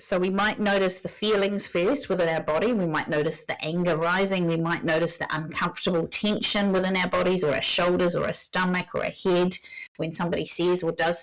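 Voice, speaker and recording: A woman's voice: mid-range voice, poor audio. A woman leadership coach answering podcast questions in an earnest, explanatory way, repeating key phrases and speaking frankly. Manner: blunt, frank wording.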